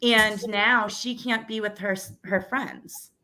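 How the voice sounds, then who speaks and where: A woman's voice: medium pitch, steady tone, slow, pushed and bright. A woman in her thirties or forties, a school committee candidate, telling a personal story as a guest in a casual interview, earnest and emotional, with frequent restarts.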